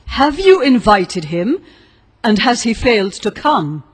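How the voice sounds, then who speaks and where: A woman's voice: a little high, very animated, slow, husky, in a large hall, exaggerated voice. A woman reading the lines of a grave and mysterious monk in a spoken story. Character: mysterious grave male monk, solemn stranger.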